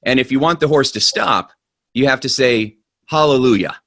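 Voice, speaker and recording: A man's voice: mid-range voice, moderate pace, fairly bright tone. Casting note: man playing an old rancher, plainspoken and insistent.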